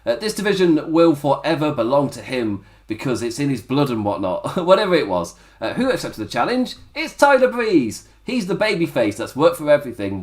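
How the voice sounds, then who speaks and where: A man hosting a wrestling review podcast, talking casually in a rambling way, laughing often and dropping into mock voices. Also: mid-range voice. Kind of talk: casual solo review commentary.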